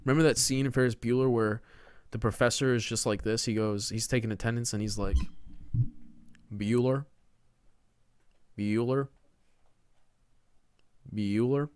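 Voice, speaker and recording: A man's voice: medium pitch, little pitch movement, quick pace, smooth, no echo, studio quality. A man hosting a podcast, giving a riled-up, slangy rant that he keeps peppering with "dude" and "man.". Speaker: podcast host. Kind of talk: casual ranting monologue.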